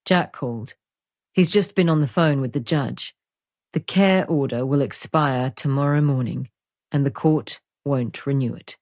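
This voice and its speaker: A gentle, supportive husband, as a woman reader puts him on. He speaks softly and tenderly in a low voice. The audiobook recording is dry and close. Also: unhurried, no echo.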